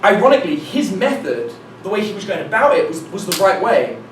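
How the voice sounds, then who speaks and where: A man giving a live seminar talk as a dating coach, telling anecdotes in an animated way, acting out dialogue and swearing casually. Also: high voice, a little fast, a little hiss or hum. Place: meeting room with an audience. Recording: echoey room from a distance, faint ambience.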